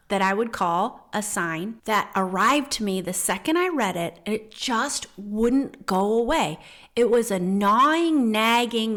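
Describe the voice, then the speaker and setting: Animated woman telling a heartfelt story. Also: mid-range voice. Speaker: host of a spiritual podcast. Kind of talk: casual spiritual talk. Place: home in the Netherlands.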